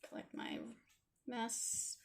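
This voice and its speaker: A woman with a Toronto Canadian accent hosting a casual drawing tutorial, chatting and apologizing in asides while she inks. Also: extremely slow. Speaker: art tutorial host.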